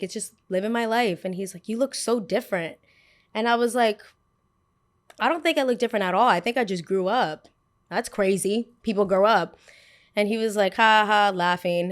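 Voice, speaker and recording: A sassy young woman tells a story on her podcast, playing every person in it herself. She has an ordinary, mid-range voice and speaks in an animated, casual way. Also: medium pitch. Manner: animated, sassy, acts out both sides of a story. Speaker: podcast host.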